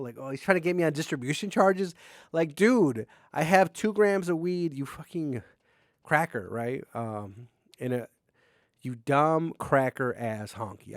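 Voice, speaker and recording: A man's voice: medium pitch, no room sound. Man, solo podcast host, casual storytelling, profane, joking, dry room. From Mexican-American. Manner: rambling, profane, joking, quick swings in loudness. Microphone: camera on a desk, seen on video.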